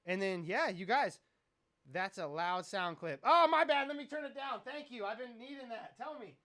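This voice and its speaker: A man's voice: very high-pitched, lively intonation, moderate pace, pushed and bright, no room sound, studio quality. A man who produces music, hosting a casual live stream, rambling, joking and swearing a lot. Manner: profane, rambling, joking with chat.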